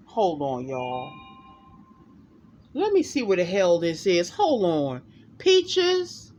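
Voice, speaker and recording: A woman's voice: fairly low pitch, slow pace, a little hiss or hum. A woman psychic reader talking casually and emphatically to her viewers in a vlog, often addressing them directly. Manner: emphatic, animated, talks to viewers as "y'all".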